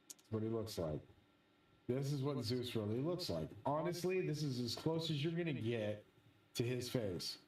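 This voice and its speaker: A man rambling through a profane, excitable monologue as host of his own channel. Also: mid-range voice, moderate pace, reverberant, far from the mic, low-quality recording.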